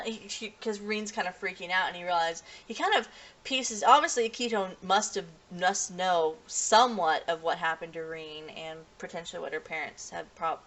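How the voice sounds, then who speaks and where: A woman's voice: fairly low pitch, a bit bright. A woman casually reviewing an anime episode, rambling with lots of restarts and "you know" fillers.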